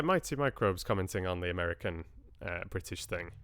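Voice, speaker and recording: A man's voice: deep voice, lively intonation, moderate pace, hardly any pauses, a bit bright, clear, resonant tone, no room sound. A man hosting a livestream, chatting casually with his viewers in a rambling, friendly way with frequent restarts. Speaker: livestream host and audiobook reader. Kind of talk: casual chat with live viewers.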